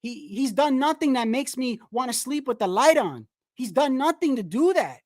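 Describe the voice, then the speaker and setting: A blunt woman rants on a live boxing stream. She swears freely and restarts her sentences. The voice sits fairly high, with a dry, close sound. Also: lively intonation, normal speed, darkish tone, dry recording. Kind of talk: live stream commentary, casual rant.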